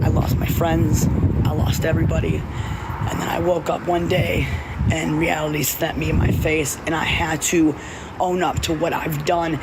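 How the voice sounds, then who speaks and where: A woman's voice: deep voice, fairly even intonation, a little slow. A woman telling her life story in an emotional, confessional monologue, repeating herself and pleading as she goes. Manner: repetitive, pleading, emphatic. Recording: noisy background with passing vehicles.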